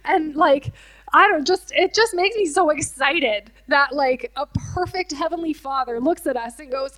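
A woman's voice: sits high, moderate pace, a bit bright, low-quality recording. A woman worship leader giving an earnest, emotional personal testimony during a church service interview, with many fillers.

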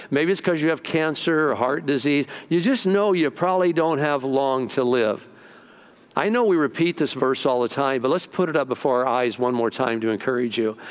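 A man's voice: fairly high pitch, clean tone. An older man preaching a sermon at a church service, telling stories and acting out the voices of the people in them. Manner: animated storytelling, acts out voices in quotes. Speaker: pastor. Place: church service, live congregation.

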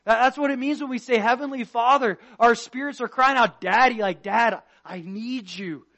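A pastor preaching a sermon with passion, swinging between loud emphasis and hushed tones as he quotes scripture. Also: extremely high pitch, fairly quick. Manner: quotes scripture and acts out prayers.

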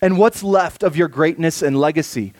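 A man preaching a sermon, reading scripture slowly and softly, then rising for emphasis. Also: a little high. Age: adult with children. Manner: expressive preaching, slows and softens for scripture, rises for emphasis. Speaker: pastor.

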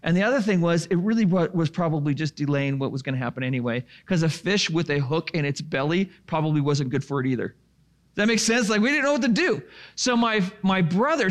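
High-voiced man telling a rambling story. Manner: rambling, with many restarts and fillers; animated and chatty. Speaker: storyteller speaking to an audience. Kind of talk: casual storytelling to a live audience.

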